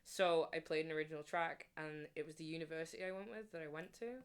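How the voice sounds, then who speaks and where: Low-voiced woman telling stories. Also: quick pace, clear, resonant tone. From England. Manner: animated storyteller, laughs often. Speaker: guest musician. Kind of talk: casual chat.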